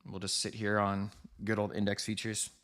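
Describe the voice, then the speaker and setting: A man's voice: on the low side, completely flat delivery, moderate pace, a bit bright. A man hosting a live trading stream, talking casually to viewers with frequent laughs as he comments on the markets. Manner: chatty, laughs often, addresses viewers directly. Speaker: trading livestream host.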